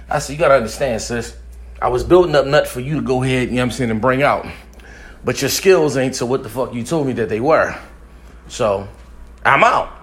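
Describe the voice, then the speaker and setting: A man's voice: medium pitch, lively intonation, brisk. A young man telling a crude, boastful comic story, profane and often laughing as he talks.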